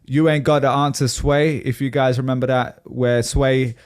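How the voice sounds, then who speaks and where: A man's voice: medium pitch, level tone, normal speed, clean tone. A man co-hosting a podcast in casual chat, talking at length and laughing easily. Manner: chatty and rambling, laughs easily. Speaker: podcast co-host.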